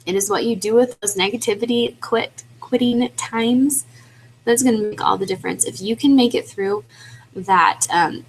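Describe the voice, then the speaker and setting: A woman's voice: fairly high pitch, normal speed, slight background noise, poor audio. Earnest woman pleading in a pep talk. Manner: earnest, pleading, repetitive exhortation; casual fillers like "like" and "um". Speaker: team leader for independent distributors. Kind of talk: motivational webinar talk.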